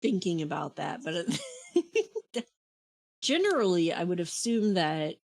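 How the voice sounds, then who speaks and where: A soft-spoken woman co-hosting a casual podcast chat, laughing often and chiming in with short agreeing murmurs. Her voice sits low, and she speaks very slowly and unhurriedly. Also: wildly swooping pitch, vocal fry. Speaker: podcast co-host.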